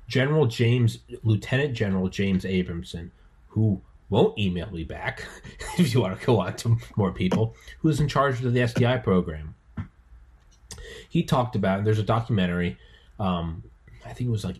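A man hosting a podcast from home, talking in a rambling, excitable way with lots of swearing and restarts. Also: lowish voice, breathy edge. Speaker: podcast host. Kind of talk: casual podcast chat. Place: home, with dogs around.

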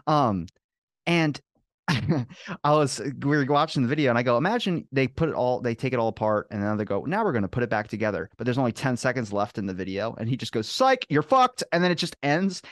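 A man's voice: mid-range voice, quick pace, dry recording, clean studio sound. Rambling, swearing young man telling stories. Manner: rambling storyteller, swears freely, animated quoting. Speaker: podcast host. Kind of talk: casual chat.

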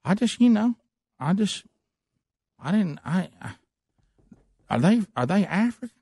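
A man's voice: sits high, very animated, unhurried, gravelly, dark tone, breathy edge, no room sound, voice pushed up, exaggerated voice. A man voicing a bewildered rural man with a drawl, full of puzzled questions. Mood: baffled. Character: bewildered rural Southern man, bulldozer operator.

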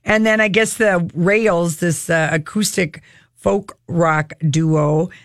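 A woman's voice: lowish voice, fairly even intonation, takes it slowly, dry recording. Radio lady gushing about celeb gossip, dry close mic. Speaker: radio show co-host. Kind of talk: casual entertainment chat.

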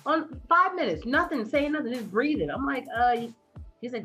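A woman co-hosting a podcast in casual chat, sassy and animated as she tells a story into a studio mic. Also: high-pitched, fairly quick, faint music behind. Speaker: podcast co-host. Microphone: studio microphone.

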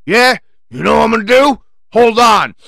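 Squealing whiny bully type, high-pitched and sharp-edged, yelling. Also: male voice, animated, moderate pace, gravelly, dry recording, clean studio sound, exaggerated voice. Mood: shrill yelling. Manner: shrill, whining, yelling. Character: whiny loudmouthed heavyset man on a train.

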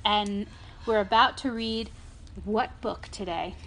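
A woman hosting a children's story podcast, reading a rhyming picture book aloud to a child at home and pausing to point out the pictures. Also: medium pitch, a little hiss or hum. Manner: animated, stops to explain the pictures. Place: home playroom.

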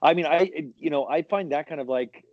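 A man guesting on a podcast, talking casually in halting bursts with many restarts. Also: a little high, no echo, highs cut off.

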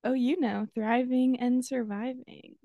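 Young woman, bright and bubbly, slight vocal fry, close dry mic, podcast co-host. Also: a little high, steady tone, a little slow, dry recording, highs cut off. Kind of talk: casual chat.

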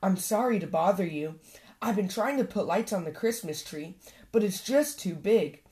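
A woman's voice: medium pitch, normal speed, dark tone, lightly acted. A woman voicing a timid little male mole who stammers shyly.

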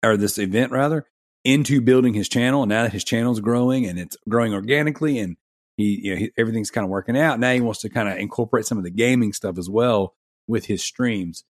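A man's voice: lowish voice, quick pace, no echo, studio quality. A man in his thirties hosting a casual gaming podcast, chatty and rambling, laughing often. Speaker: podcast host.

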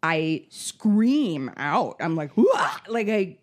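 A woman in casual chat, telling a story with lively acted-out quotes and frequent swearing. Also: mid-range voice, unhurried. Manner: animated storytelling, acts out quotes, swears freely.

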